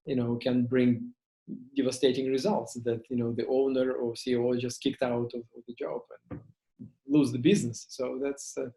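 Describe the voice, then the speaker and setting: Hesitant host, mellow voice in an echoey room. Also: male voice, mid-range voice, level tone, normal speed, creaky. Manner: hesitant, with many fillers. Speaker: interview host. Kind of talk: casual interview questions.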